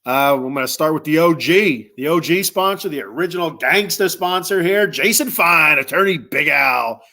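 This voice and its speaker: A man's voice: a little high, animated, sharp tone. Tired, rambling podcast host man. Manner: rambling, filler-heavy, tired; reads numbers slowly and deliberately. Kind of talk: casual sponsor reads.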